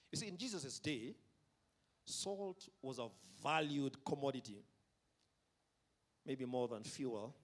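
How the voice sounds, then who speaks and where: A man preaching a sermon at a concert, emphatic, drawing out key words and having the audience repeat lines after him. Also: medium pitch. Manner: emphatic, drawn-out delivery with call-and-response. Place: concert venue.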